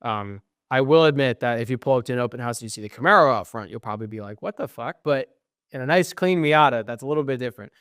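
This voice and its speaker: A man's voice: medium pitch, animated, fast talker, a bit bright, clear, resonant tone, no echo, studio quality. A young man co-hosting a podcast, telling stories in casual chat, quoting others and swearing often. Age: young adult. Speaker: podcast co-host.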